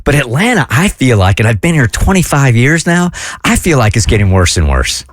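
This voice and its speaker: A middle-aged man hosts a radio show with loose, laughing banter. His pitch swings a lot as he talks. The studio sound is dry and close. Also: a little fast, no room sound. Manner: lively, laughing, conversational.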